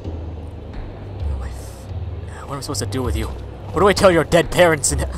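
A man giving let's play commentary. He is excitable, swears a lot and yells at his game companion. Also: fairly high pitch, quick pace, soft background music. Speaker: gaming video creator.

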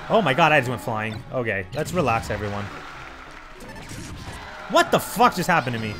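A young man ranting and swearing through his gameplay commentary, breaking into sudden loud outbursts at the characters on screen. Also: medium pitch, sing-song, moderate pace, pauses often, faint music behind. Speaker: let's play gamer.

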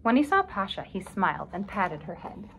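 Woman, children's storybook reader, expressive, asks questions, middle pitch. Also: normal speed, slight background noise, low-quality recording. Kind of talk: reading a picture book aloud to children.

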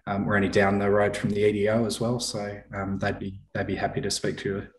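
Deep flat-voiced man on a panel. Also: roomy sound, low-quality recording. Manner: measured, hesitant, filler-heavy. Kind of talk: panel discussion answers.

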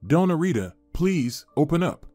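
Male narrator reads a desperate young father, halting and pleading, dry storybook read. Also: on the high side, very animated, warm tone, no room sound, faint music behind, voice pushed up. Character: grieving young man, gentle and desperate.

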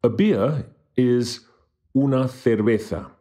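A man giving a scripted language lesson who slowly and carefully demonstrates how to pronounce each word. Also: medium pitch, warm tone. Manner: slow, careful demonstration of pronunciation. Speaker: language teacher.

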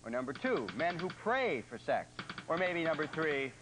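A man hosting a game show, cracking jokes and teasing the contestants in quick comic patter. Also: a little high, sing-song, noisy background. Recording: loud show music underneath.

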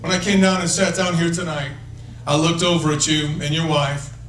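High-voiced man preaching in an echoey hall. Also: fairly even intonation, moderate pace, fairly bright tone. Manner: emphatic, repeats "listen" often; playful, laughs between points. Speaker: evangelist. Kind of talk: prophetic preaching to individuals. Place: church conference hall. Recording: echoey hall, mic from far off.

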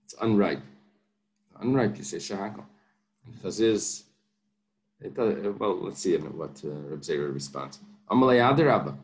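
A man's voice: low voice, expressive, moderate pace, creaky, pauses often, a little hiss or hum. A man teaching a daily Talmud class, reading Aramaic and translating it line by line with patient explanations and light joking asides. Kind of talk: daf yomi Talmud class.

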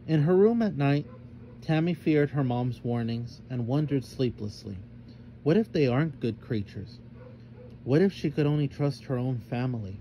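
A man's voice: mid-range voice, animated, moderate pace, lo-fi sound, a little hiss or hum. A man narrating a children's storybook aloud, voicing each character expressively.

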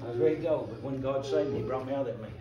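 An older visiting preacher delivers a fervent revival sermon in a church sanctuary, breaking into emphatic bursts as the congregation calls back responses. His voice is mid-range and very fast, with the highs cut off and music underneath. A distant room mic captures the echoey church from far off.

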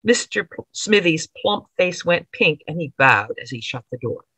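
A woman reads her own story aloud with measured, expressive pacing. Her bright voice rises and falls widely and has a slightly breathy texture. The recording is dry and close. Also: on the low side, no room sound, poor audio. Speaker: author reading her story. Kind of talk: dramatic reading of period fiction.

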